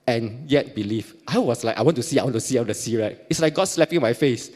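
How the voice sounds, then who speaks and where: A middle-aged Singaporean man with a Singaporean accent gives a personal testimony at church, acting out the dialogue and laughing often. He talks fast and husky in a mid-range voice, with hardly any pauses.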